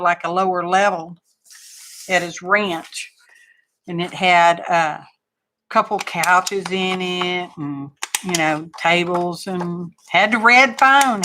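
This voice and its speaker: A woman's voice: fairly low pitch, noisy background. A woman with a Texan accent, hosting a livestream and chatting casually in a rambling, folksy way. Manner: rambling, folksy storytelling with asides. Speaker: livestream crafting host.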